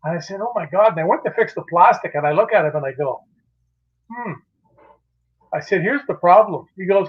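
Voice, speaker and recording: A man, a magazine publisher, telling a fishing anecdote in a casual, animated way with many restarts. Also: high voice, fairly quick, slightly rough, highs cut off. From Canada. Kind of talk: casual storytelling on a live show.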